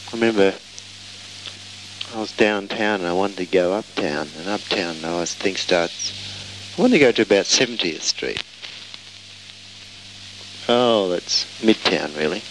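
Man, casual anecdote, meandering, lowish voice, faint background noise. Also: unhurried, pauses often, fairly bright tone, poor audio. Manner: rambling, meandering storytelling.

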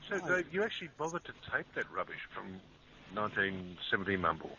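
Teasing man, lowish voice. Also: very animated, fast, creaky, dull audio, background noise. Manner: self-mocking, teasing. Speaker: radio show co-host. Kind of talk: joking casual chat.

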